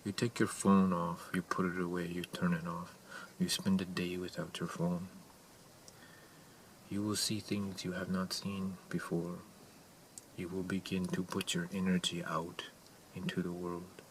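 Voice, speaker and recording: Male actor as an odd, earnest self-help guru with a deep voice, broken grammar, whisper-to-shout delivery, recorded far off. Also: flat delivery, unhurried. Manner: swings between hushed whispers and loud exclamations. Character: eccentric male motivational guru, intense and earnest. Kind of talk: character monologue to camera. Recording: distant mic with faint ambient noise.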